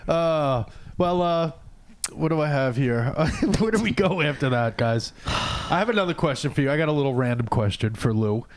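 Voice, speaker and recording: A man's voice: fairly high pitch, animated, moderate pace. A man hosting a comedy podcast, teasing his guests and laughing often in casual chat. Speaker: podcast host.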